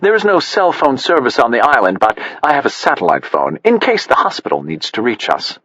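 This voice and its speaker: A man voicing a cool, self-assured wealthy man with a crisp manner, in an audiobook. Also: medium pitch, wildly swooping pitch, a little fast, a bit bright, no room sound, voice pushed up. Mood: smug. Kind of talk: audiobook character voice. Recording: dull, slightly muffled.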